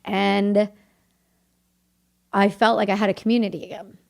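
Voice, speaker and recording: A woman's voice: mid-range voice, level tone, vocal fry. A woman from Canada, a combat veteran, telling her story as a podcast guest in candid, earnest conversation. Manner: earnest, tells her story in quick bursts of remembered dialogue.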